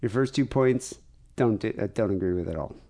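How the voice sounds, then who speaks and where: A man's voice: on the low side, fairly quick, dark tone. An American man hosting a podcast, bantering casually and laughing often. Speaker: podcast host.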